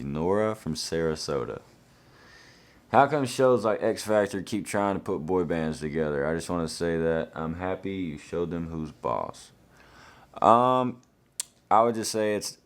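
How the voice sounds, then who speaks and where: A young man, reading out fan questions and answering them in an easygoing, laid-back way. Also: sits low.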